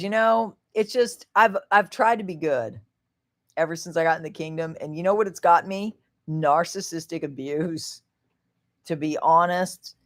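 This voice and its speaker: A woman with a low voice hosts a casual livestream, a little tipsy and rambling. She laughs often and swings from hushed to loud and excited.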